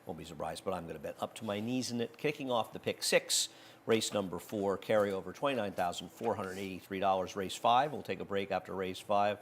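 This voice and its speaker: A fairly low-pitched man hosting a horse racing show. He talks through his betting picks in a blunt, animated way, sure of his opinions. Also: a little fast, a little hiss or hum. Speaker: racing handicapping show host. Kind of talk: casual betting analysis chat.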